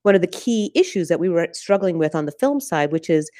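A woman who works as a festival programmer, answering interview questions thoughtfully and often pausing on "uh" and "um". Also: lowish voice, animated, mellow, no room sound, clean studio sound. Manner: thoughtful, searching, many "uh" and "um" pauses.

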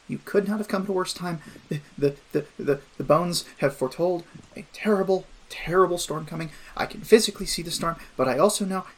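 A man's voice: high-pitched, a little fast, voice pushed up, rough recording. A man voicing a frightened, stern woman who keeps a temple, giving urgent warnings. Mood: ominous.

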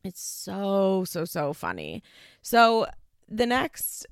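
A woman's voice: medium pitch, huge pitch swings, very slow, vocal fry, no echo, studio quality. A young woman casually recapping a reality show, chatty and laughing often, with some swearing. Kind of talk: casual chat.

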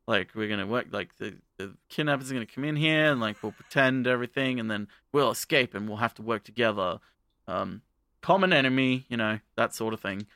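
A man's voice: mid-range voice, a little fast, sharp tone, dry recording. A man voicing a cocky, scheming young boy hero in a casual retelling, near his own voice.

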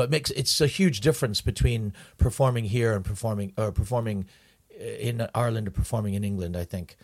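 A man hosts a relaxed conversation in a middle-range voice. He feels his way through his thoughts with many stops and restarts. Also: medium pitch. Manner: hesitant, halting, with many restarts. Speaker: host. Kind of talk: casual chat.

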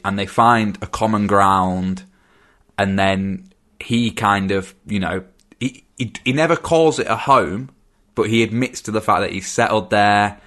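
Chatty low-voiced man. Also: fairly bright tone. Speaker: podcast host. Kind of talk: casual film chat.

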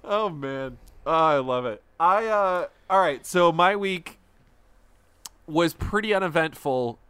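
A man co-hosting a podcast, chatting casually with quick jokes and interjections. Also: on the high side, animated, sharp tone, clear, resonant tone, no room sound. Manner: joking, quick to chime in. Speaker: podcast co-host. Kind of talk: casual chat.

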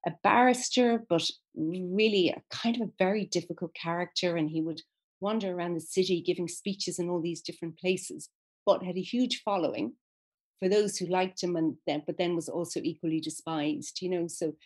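A woman speaking as an interview guest about literature, thoughtful and enthusiastic, often pausing to search for words. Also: lowish voice, darkish tone, husky. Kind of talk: conversational interview.

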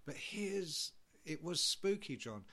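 A man tells a story on a podcast, his pitch swinging widely as he acts out the people in it. He sits a touch higher than most men and swears freely in a loose, conversational way. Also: takes it slowly. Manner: animated anecdote-telling, heavy swearing, acts out others' voices. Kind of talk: casual storytelling chat.

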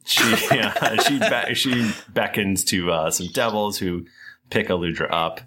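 A man narrating as game master of a tabletop game, in a halting style full of fillers. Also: on the low side, noisy background.

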